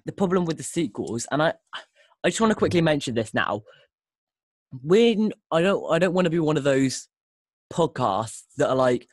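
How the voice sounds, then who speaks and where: A man's voice: on the high side, sing-song, normal speed, long pauses, dry recording. A man hosting a casual podcast chat, talking enthusiastically and restarting often. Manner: enthusiastic, rambling, with frequent restarts. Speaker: podcast host.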